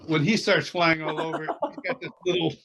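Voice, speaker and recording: Gravelly and a bit high-pitched, this man talks at a normal speed while guesting on an interview. He tells an animated story, acting out its characters expressively and laughing along the way.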